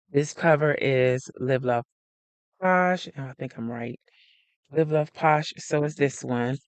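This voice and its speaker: A woman chats her way through a live craft stream, speaking slowly and unhurriedly. She greets viewers by name and thinks aloud as she works. The sound is dry and close, with no room echo. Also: low voice. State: a little out of breath. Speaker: planner vlogger hosting a live stream. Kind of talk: casual live-stream chat.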